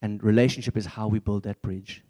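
Young male preacher, relaxed warm timbre, earnest and chatty. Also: lowish voice, fairly quick. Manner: earnest, conversational, candid. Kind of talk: church sermon.

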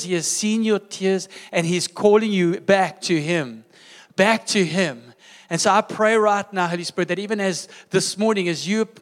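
Male pastor, fervent repetitive prayer, high voice, echoing church hall. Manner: fervent, repetitive, winding down softly. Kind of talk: spoken prayer. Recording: hall reverb.

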